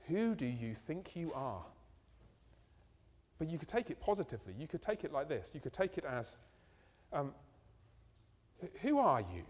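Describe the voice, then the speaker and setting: A man preaching a sermon, animated and full of rhetorical questions. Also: on the high side. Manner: animated, rhetorical questions, ending in slow hushed prayer. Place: church. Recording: church hall reverb.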